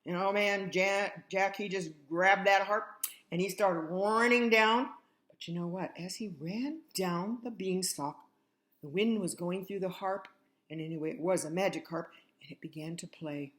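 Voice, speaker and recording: With a somewhat low, slightly bright voice at normal speed, a grandmother reads a children's fairy tale aloud. She keeps it chatty, addressing the kids directly.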